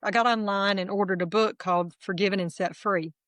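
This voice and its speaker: A middle-aged woman, candidly telling her personal testimony as a guest in a lively, self-deprecating way. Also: medium pitch, brisk, no room sound.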